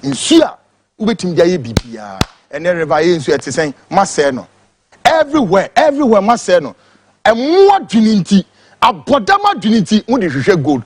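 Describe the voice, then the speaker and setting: A man's voice: high-pitched, wildly swooping pitch, moderate pace, husky, no room sound. A Ghanaian man giving an angry, impassioned political rant, switching between English and Twi. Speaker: political commentator.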